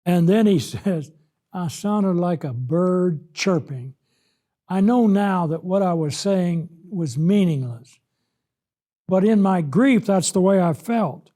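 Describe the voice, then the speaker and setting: A man's voice: high-pitched, lively intonation, slow, dark tone. A man preaching a Bible lesson, acting out the scripture in the first person as he explains it. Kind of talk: sermon-style Bible lesson.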